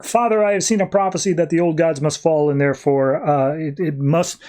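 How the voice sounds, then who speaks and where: A man voicing a calm, idealistic male ruler who speaks slowly and solemnly. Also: on the high side, lightly acted.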